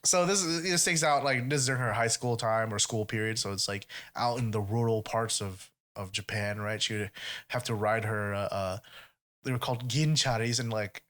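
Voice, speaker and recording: A man's voice: fairly low pitch, normal speed, fairly bright tone. A man hosting a podcast, chatting casually and retelling stories with lots of swearing and quoted voices. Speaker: podcast host.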